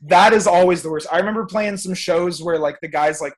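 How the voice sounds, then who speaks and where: A man's voice: high-pitched, fairly quick, few pauses. A young man, a music producer, ranting emphatically and swearing freely as a guest on a podcast. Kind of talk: casual podcast chat.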